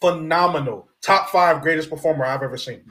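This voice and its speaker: A man's voice: on the high side, fairly quick, a bit bright. A man chatting casually on a podcast, enthusiastic and teasing.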